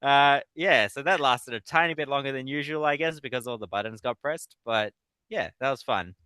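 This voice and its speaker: Bright, crisp-voiced man telling stories with laughs. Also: mid-range voice, normal speed, dry recording. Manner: animated storyteller. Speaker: guest author. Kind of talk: casual interview chat.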